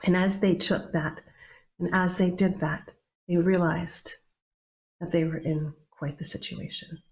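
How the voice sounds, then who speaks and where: A woman's voice: on the low side, a little slow. Woman telling a myth casually. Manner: conversational, playful, with many restarts and animated quoted voices. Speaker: storyteller. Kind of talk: oral mythtelling.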